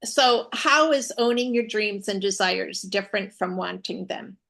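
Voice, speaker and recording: A woman's voice: medium pitch, unhurried, gravelly, fairly bright tone. A woman co-hosting a live spiritual talk show, teaching in an earnest way with emphatic repetition. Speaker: co-host.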